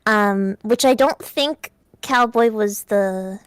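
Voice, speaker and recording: A woman's voice: medium pitch, slow, smooth, no echo, studio quality. A young woman from Alberta, Canada, streaming as a VTuber, chatting casually with a giggly, playful manner and often trailing off mid-thought. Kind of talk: casual chat.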